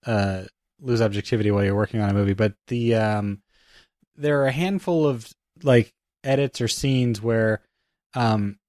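A man's voice: on the low side, normal speed, darkish tone, no room sound, clean studio sound. A man co-hosting a casual film podcast, speaking thoughtfully and hesitantly as he critiques scenes. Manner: hesitant, many fillers and restarts, thoughtful. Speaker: podcast co-host.

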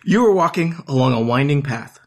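A man acting as game master, narrating a text adventure aloud in plain, measured parser-style lines. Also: mid-range voice, animated, a little mellow.

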